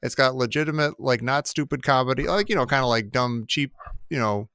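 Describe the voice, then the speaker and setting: A man's voice: mid-range voice, brisk, smooth, no room sound, clean studio sound. A man co-hosting a casual podcast chat, rambling and cutting himself off as he talks. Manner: rambling, self-interrupting, animated. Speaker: podcast co-host.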